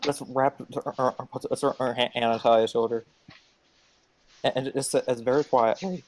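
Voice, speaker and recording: A man's voice: medium pitch, fairly even intonation, normal speed, slight background noise. Stumbling man playing a tabletop game. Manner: stumbling, repeats words. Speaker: player. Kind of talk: tabletop role-play in character.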